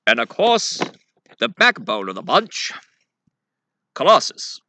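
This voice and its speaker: A man's voice: mid-range voice, wildly swooping pitch, slow, pushed and bright, exaggerated voice. A man voicing an older male mutant school leader who talks formally while introducing his team in a fan-made audio drama. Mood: eager.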